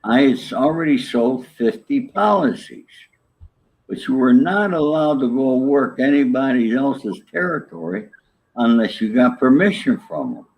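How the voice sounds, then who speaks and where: An older New Yorker, appearing as an interview guest, tells a story in casual chat, animatedly acting out the lines of the people in it. His mid-range voice is a little slow with vocal fry. The recording is dull, lo-fi audio.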